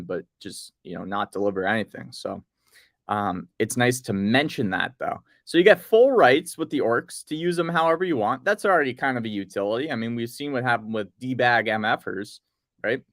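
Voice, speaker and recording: Here a man with a mid-range voice, speaking at a moderate pace, co-hosts a casual podcast chatting about crypto news. Relaxed and rambling, he reads project notes aloud as he goes through them. There's no echo, just clean studio sound.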